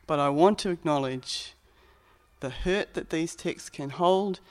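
A preacher delivering a sermon in a reflective, conversational tone. The voice sits at a middling pitch and keeps a plain storytelling manner. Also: unhurried.

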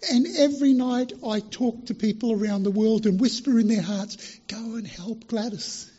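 A man voicing God as a patient male deity who answers gently and reassuringly. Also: high voice, steady tone, normal speed. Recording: dull lo-fi recording.

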